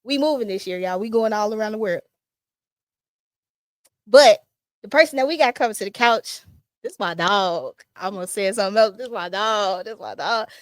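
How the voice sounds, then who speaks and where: A woman hosting a podcast in casual, chatty talk, excitable and full of fillers. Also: medium pitch, moderate pace, long pauses, no room sound. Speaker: podcast host. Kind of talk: casual chat. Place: small studio set.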